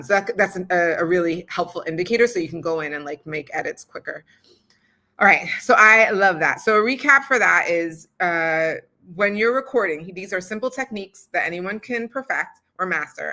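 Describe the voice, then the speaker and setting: A woman's voice: on the low side, pushed and bright. A young woman hosting a podcast, giving a casual how-to talk on recording audiobooks in a chatty, filler-heavy way and laughing often.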